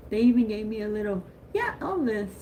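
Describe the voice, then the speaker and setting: A woman chatting on a live stream in a rambling, excitable way, greeting viewers as she talks. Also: mid-range voice, brisk, slight background noise. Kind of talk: casual live-stream chat.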